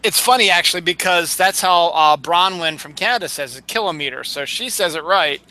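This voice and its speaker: A man's voice: high-pitched, brisk, pushed and bright, poor audio. A man co-hosting a podcast in casual chat, chatty and playful, often stumbling and restarting his sentences. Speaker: podcast co-host.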